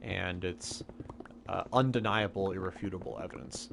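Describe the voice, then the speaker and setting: A man's voice: medium pitch, very animated, a little slow, noisy background. A young man live-streaming a game, casually and patiently explaining science questions from chat.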